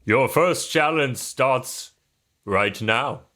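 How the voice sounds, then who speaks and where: A man voicing a booming, pompous yule spirit who holds a captive, in a put-on Russian accent. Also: drawn-out words, bright, forceful tone.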